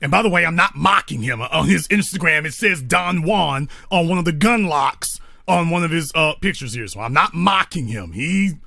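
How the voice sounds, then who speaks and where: A man hosting a call-in show, laying out his argument in an emphatic, lecturing way. His voice is high for a man and swings widely in pitch. The sound is close and dry, with no room around it. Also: expressive, normal speed, gravelly, few pauses, sharp tone, no echo. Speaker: host. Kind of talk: call-in talk show, arguing a point.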